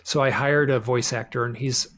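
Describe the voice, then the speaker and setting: A man's voice: mid-range voice, steady tone, moderate pace, a bit bright. A man talking as a guest author in a casual interview, rambling with many restarts and repeated words.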